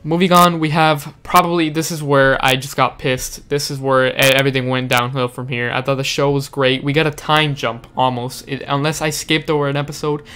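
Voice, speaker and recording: A man's voice: mid-range voice, flat delivery, a little fast, few pauses, pushed and bright, clean tone. A man giving a frustrated, swearing, dejected rant in a casual video review, sounding upset. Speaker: show reviewer.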